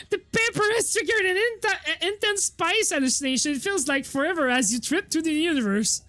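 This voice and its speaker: High-voiced woman reading a game aloud. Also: animated, moderate pace, a bit bright, no echo, soft background music. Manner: amused, chatty narration with frequent laughs. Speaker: gaming streamer. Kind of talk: reading a visual novel aloud.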